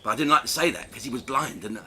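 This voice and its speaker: A middle-aged man telling a crude, self-mocking anecdote in an animated way, laughing between lines. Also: mid-range voice, racing, a little hiss or hum. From England. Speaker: comedian telling a story. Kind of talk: storytelling anecdote.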